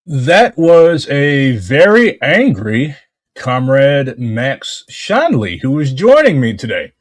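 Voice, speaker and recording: A man's voice: mid-range voice, wildly swooping pitch, slow pace. An American man hosting an interview, hesitant and heavy on fillers. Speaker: host. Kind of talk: casual chat.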